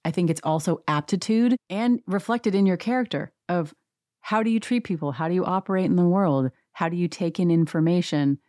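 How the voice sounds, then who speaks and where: A woman hosting a reality TV recap, talking in a sarcastic, animated rant. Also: fairly low pitch, brisk, no echo, studio quality. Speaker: podcast host.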